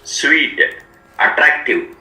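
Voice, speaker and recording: A man teaching a scripture, explaining each word slowly and repeating its meanings. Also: on the high side, animated, pushed and bright, roomy sound, low-quality recording. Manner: slow, repetitive word-by-word explanation. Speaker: Vedic teacher. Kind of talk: explanatory lecture.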